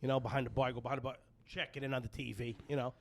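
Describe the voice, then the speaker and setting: In casual podcast banter, a middle-aged host from New Jersey tells long, rambling, filler-heavy stories at high volume. He speaks rapid-fire in a mid-range, flat voice, captured with headphones and a studio mic and no room sound.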